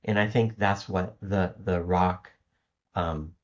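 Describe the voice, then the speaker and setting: A fairly low-voiced man talks as a podcast guest, circling his point with restarts and filler words. The audio is dull and lo-fi, with the top end rolled off. It sounds like an everyday remote call recording. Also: steady tone, takes it slowly. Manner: rambling, many restarts and "you know" fillers. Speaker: guest cybersecurity architect. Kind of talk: casual interview talk.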